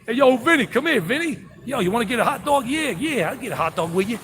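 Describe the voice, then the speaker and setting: A man voicing a brash New York hot dog seller with a New York accent and loud street banter. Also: very high voice, expressive, quick pace, a little hiss or hum, voice pushed up. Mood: jokey.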